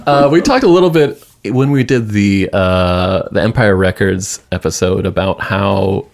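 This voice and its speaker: A young adult man talks loosely through a film discussion, full of fillers and the odd swear. His voice sits low with a lot of vocal fry in it. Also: measured pace. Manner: rambling, laughing, swearing casually. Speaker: podcast co-host. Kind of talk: casual film discussion podcast.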